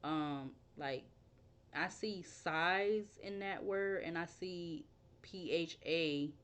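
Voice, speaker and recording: A young woman with a low, unhurried voice talks through a tarot reading in a loose, conversational way. She drifts into side stories and spells words out letter by letter as she thinks aloud. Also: clear, resonant tone. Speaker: tarot reader.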